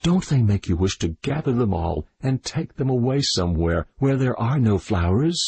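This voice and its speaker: A man voicing an excitable young woman in an audiobook reading, with a husky voice. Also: mid-range voice, normal speed, exaggerated voice. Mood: wistful.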